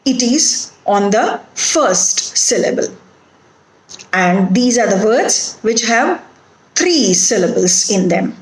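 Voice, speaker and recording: A woman lecturer teaching a phonetics lesson, slowly and carefully saying example words one at a time. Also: medium pitch, lively intonation, echoey room, rough recording. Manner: slow, deliberate, modelling words one by one. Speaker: university lecturer.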